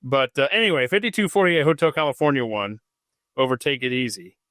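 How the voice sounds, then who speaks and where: A man talks through a solo podcast episode in a loose, jokey way. He reads a passage and then wanders off into side remarks. His voice sits at a middle pitch and sounds dry and close on the mic. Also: brisk, fairly bright tone, dry recording. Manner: rambling and jokey, reading aloud and stopping to riff. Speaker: podcast host. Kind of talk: casual solo podcast monologue. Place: home studio.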